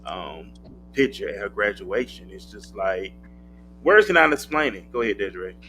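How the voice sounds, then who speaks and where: A man hosting a talk show, asking questions in a relaxed, measured way. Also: fairly low pitch, background noise. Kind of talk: casual interview chat. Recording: music playing behind the voice.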